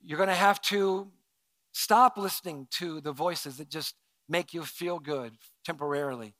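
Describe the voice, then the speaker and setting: A middle-aged man preaching a sermon as pastor, earnest, swinging from soft asides to emphatic calls. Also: on the high side, a little slow, no room sound.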